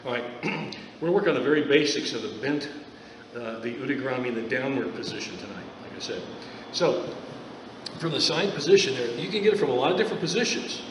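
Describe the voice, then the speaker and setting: A man coaching a grappling class on the mat, in a loose, repetitive style that keeps checking in with his students. His voice sits at an ordinary pitch. It is picked up from across an echoey gym with a long reverb tail and a faint hiss underneath. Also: lively intonation, fast talker, far from the mic. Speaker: judo instructor.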